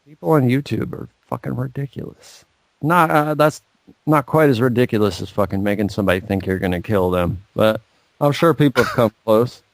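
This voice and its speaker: A man's voice: medium pitch, fairly quick, gravelly, dry recording. A man co-hosting a podcast in casual chat, telling rambling stories and swearing freely. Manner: profane, rambling storytelling. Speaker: podcast co-host. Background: faint music.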